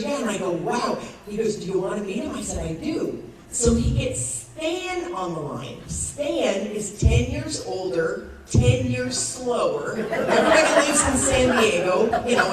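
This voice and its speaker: Woman, 60s, animated storyteller, voices the people in her story, very echoey hall, distant mic, audience noise. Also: mid-range voice. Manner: animated storytelling, acts out quoted voices, laughs often. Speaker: network marketing speaker. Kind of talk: motivational talk on stage. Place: large event hall with audience.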